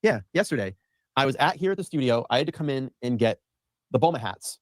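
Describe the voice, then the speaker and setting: Fast-talking man telling a rambling story. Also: mid-range voice, expressive, dry recording, clean studio sound. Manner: rambling, acts out quoted lines. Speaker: host. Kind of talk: casual storytelling chat. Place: studio.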